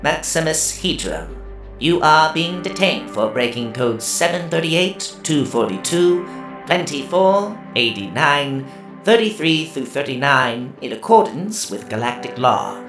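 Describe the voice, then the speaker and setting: A man's voice: fairly high pitch, measured pace, reverberant, soft background music, pitched above the performer's own voice, heavily acted. A man doing a droning robot pod voice. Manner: droning, monotone legal recital. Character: automated robot voice of a prisoner pod.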